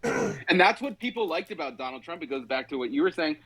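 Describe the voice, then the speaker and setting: A man's voice: a little high, animated, fast, a bit bright, slightly rough. A man co-hosting a podcast in rambling, profane casual chat. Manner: rambling, restarts, swears. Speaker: podcast co-host.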